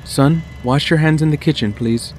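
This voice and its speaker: A man's voice: on the high side, normal speed, darkish tone, voice pushed up, close to an everyday voice. A man voicing a stern, secretive middle-aged mother who speaks in clipped commands, in a spoken horror story. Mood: insistent. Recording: noisy home recording.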